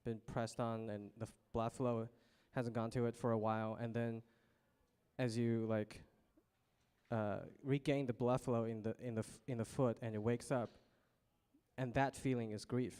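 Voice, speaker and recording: A man sharing an embodiment practice in a circle, halting and thoughtful with many fillers. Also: medium pitch, little pitch movement, dark tone, smooth. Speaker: guest practitioner.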